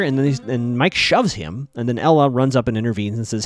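A man's voice: medium pitch, fairly quick, few pauses, faint music behind. A man hosting a podcast, casually recapping a TV episode with chatty, wry asides.

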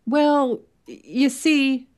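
A woman's voice: mid-range voice, lively intonation, measured pace, pitched above the performer's own voice, natural voice. A woman voicing a shy, embarrassed young widower who stammers and falters as he speaks. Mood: flustered.

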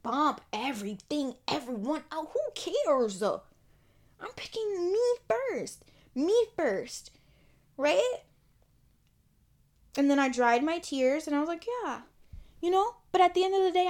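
High-voiced emphatic woman podcaster. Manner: emphatic, repeats phrases, swings between sassy and tearful. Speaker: podcast host. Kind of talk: personal storytime monologue.

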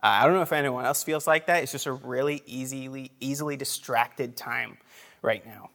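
A man delivers a relaxed, talky sermon to a gathered group, his voice sitting at an ordinary middle pitch. He wanders into side comments, restarts his sentences and chuckles softly as he goes, sounding more like a friend talking than a formal preacher. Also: normal speed. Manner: conversational, chatty asides, laughs between phrases; frequent fillers and restarts.

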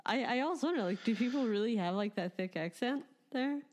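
A woman's voice: on the high side, lively intonation, brisk. A woman interviewing a guest in a chatty, casual way, full of "like". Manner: chatty, lots of 'like'. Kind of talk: casual conversation.

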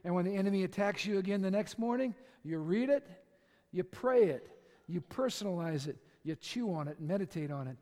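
A male pastor preaching a sermon with passion, swinging from shouts to conversational asides with the congregation. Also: high-pitched, lively intonation, a little fast. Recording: long hall reverb.

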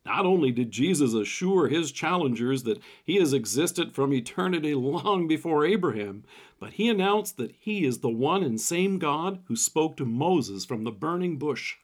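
A middle-aged man delivers a short devotional as a pastor. His voice sits a little high and moves up and down a lot. He speaks in a measured way and slows down when he reads scripture. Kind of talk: devotional sermon.

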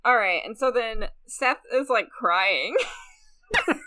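A woman's voice: fairly high pitch, expressive, pushed and bright, a little hiss or hum. Giggly woman recapping a movie. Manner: laughing, acts out lines in quick impressions. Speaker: podcast co-host. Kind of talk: casual movie recap chat.

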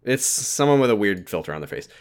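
Low-voiced man hosting a podcast. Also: very animated, quick pace, clean tone. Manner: loose, joking, with fillers and swearing. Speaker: podcast host. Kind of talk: casual podcast outro.

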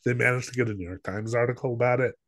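A man's voice: mid-range voice, steady tone, very fast, a bit bright. A man co-hosting a podcast who talks in a casual, rambling way, full of filler words, and acts out what other people said. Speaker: podcast co-host. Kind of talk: casual chat, film review.

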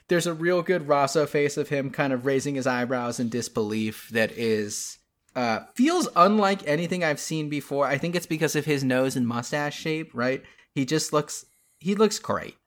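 A man's voice: medium pitch, moderate pace, fairly bright tone. A man co-hosting a casual podcast, earnestly retelling comic scenes with many restarts and fillers. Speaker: podcast co-host.

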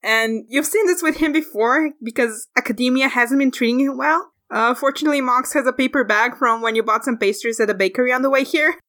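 A woman's voice: high-pitched, fairly quick, hardly any pauses, a bit bright. Woman game master, casual narration. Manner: casual, filler-heavy narration.

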